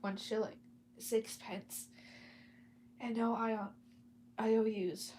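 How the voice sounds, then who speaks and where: A woman's voice: fairly high pitch, fairly even intonation, takes it slowly, dark tone, a little hiss or hum. A woman voicing a grumpy old male shopkeeper in a read-aloud story, speaking curtly. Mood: gruff.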